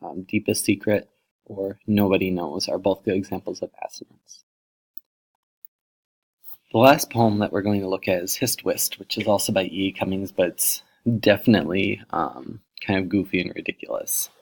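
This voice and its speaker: A man's voice: sits low, normal speed, vocal fry, slightly rough. A man teaching a recorded poetry lesson, explaining sound devices and reading poems aloud, with frequent fillers.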